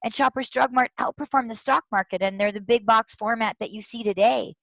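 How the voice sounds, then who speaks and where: A woman speaker, a guest in an interview, telling a personal story with lively quoted voices. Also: a little high, fairly quick, no echo. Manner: animated, tells stories with quoted voices. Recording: dull lo-fi sound.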